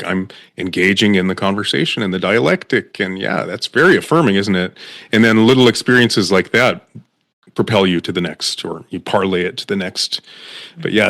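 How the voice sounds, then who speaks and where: A man's voice: lowish voice, fairly bright tone, dry recording, studio quality. A man hosting an interview, talking reflectively and laughing often. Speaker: podcast host. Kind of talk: conversational interview.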